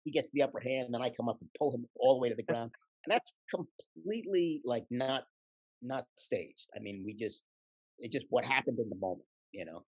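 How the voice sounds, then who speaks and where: Husky man telling showbiz anecdotes. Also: mid-range voice, a little fast, no echo, muffled recording. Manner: relaxed, rambling, laughs while telling anecdotes. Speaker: guest actor. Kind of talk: casual interview storytelling.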